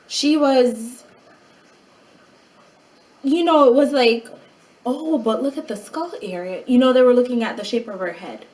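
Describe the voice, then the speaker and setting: A mother in a casual vlog, retelling a hospital night in an animated way and acting out what other people said. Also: a little high, far from the mic, low-quality recording. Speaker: mother of a child with a rare syndrome.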